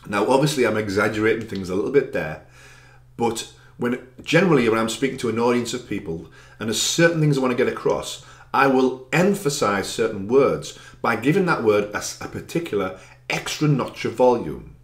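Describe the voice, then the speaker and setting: A man's voice: mid-range voice, lively intonation, a little fast, echoey room. A man working as an anxiety coach gives a direct, encouraging self-help talk, stressing chosen words with extra volume.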